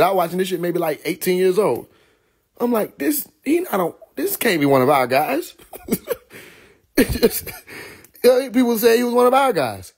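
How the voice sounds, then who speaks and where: Young man with a husky voice hosting a casual live stream, animated and quick to laugh. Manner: animated, laughs often, mimics others in higher voice.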